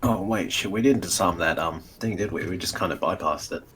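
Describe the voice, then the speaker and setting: A man's voice: low-pitched, fairly quick, a bit bright, slight background noise. A man playing in a tabletop game, casually thinking aloud. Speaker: player.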